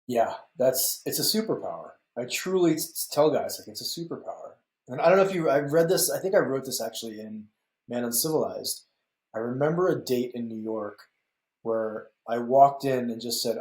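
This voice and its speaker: A man's voice: mid-range voice, expressive, normal speed, darkish tone. A man in his fifties, a podcast guest, telling stories earnestly and speaking straight to the men listening. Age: 50s. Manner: earnest, storytelling, speaks directly to male listeners. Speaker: guest author and men's coach. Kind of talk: reflective podcast interview talk. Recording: echoey room.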